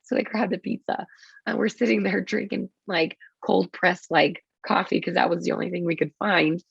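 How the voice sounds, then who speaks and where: Gravelly low-voiced woman telling a story. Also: little pitch movement, dry recording. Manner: swearing, quick and vivid, acts out her own quotes. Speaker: nurse, podcast guest. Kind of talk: casual storytelling interview. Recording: dull lo-fi podcast audio.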